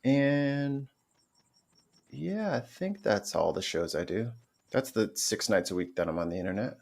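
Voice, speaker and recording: Quick joking man on a video call. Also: on the low side, expressive, vocal fry, a little mellow. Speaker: show producer. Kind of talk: casual livestream chat.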